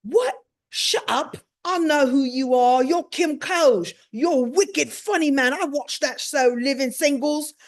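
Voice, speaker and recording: A woman's voice: high-pitched, unhurried, voice pushed up. A woman voicing a friendly, laid-back British man who talks in casual street slang. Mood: excited.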